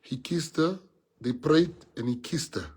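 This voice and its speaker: A man's voice: a little high, unhurried, darkish tone, husky. A man with a South African accent, a party leader giving a heartfelt speech to his members, earnest and repeating key phrases for emphasis.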